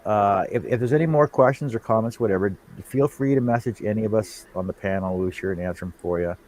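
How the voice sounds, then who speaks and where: A man's voice: lowish voice, fast, a crowd in the background. A man on a live stream panel, rambling and joking in casual chat. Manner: rambling, jokey, trails off. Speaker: panel guest.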